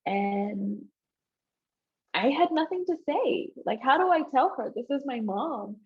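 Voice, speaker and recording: High-voiced and lively in intonation, a woman recounts her personal story a little slowly, her tone slightly rough. It's a live event in front of an audience, she keeps checking in with "right?", and the recording sounds dull and lo-fi.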